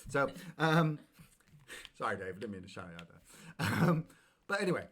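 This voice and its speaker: Male gaming streamer, casual rambling chat, bursts of loud excitement, mid-range voice. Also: medium pitch, moderate pace. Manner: rambling, animated, prone to sudden shouts at the game. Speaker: streamer playing a video game.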